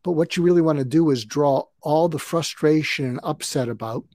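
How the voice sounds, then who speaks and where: A man in his seventies speaking in a somewhat high voice for his age, calm and explanatory. He walks through advice step by step and acts out little exchanges. The sound is close and dry, with hardly any room around it. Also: brisk, dry recording. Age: 70s. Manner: calm, advice-giving, acts out sample dialogue. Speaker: conflict coach. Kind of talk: podcast interview guest.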